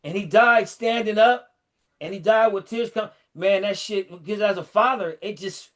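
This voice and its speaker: A middle-aged man in casual chat, animatedly retelling a story and acting out the lines in a lower voice. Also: moderate pace. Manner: animated storyteller, fillers and restarts, acts out quotes in a lower voice.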